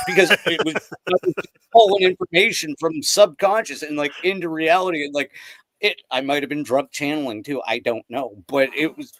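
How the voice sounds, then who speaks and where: Higher-voiced man telling rambling stories. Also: normal speed, a bit bright, no echo. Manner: rambling storyteller, swears freely. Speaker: podcast host. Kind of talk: casual podcast chat.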